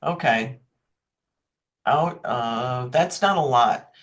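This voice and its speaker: A woman's voice: rumbling low, expressive, drawn-out words. A woman giving an online marketing workshop on a video call, chatty and often checking in with her listeners. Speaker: marketing presenter.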